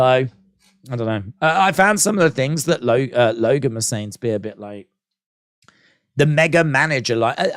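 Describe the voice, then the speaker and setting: A man's voice: a little high, fairly bright tone, dry recording, clean studio sound. Chatty British man on a live stream. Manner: chatty and laughing, jokes at length. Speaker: wrestling live-stream host. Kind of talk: casual live-stream chat, reading viewer comments.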